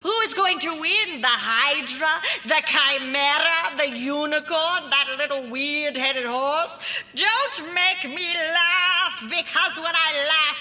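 A smug, self-adoring dragon, as a woman puts it on, brags through a comic award speech. The voice is high and very bright. Haughty and boastful, it savors every compliment it pays itself. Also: slow, exaggerated voice. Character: arrogant, vain dragon accepting an award.

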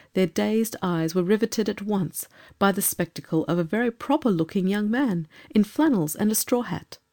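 A woman reading a storybook aloud as narrator, measured and expressive. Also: medium pitch. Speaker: audiobook narrator.

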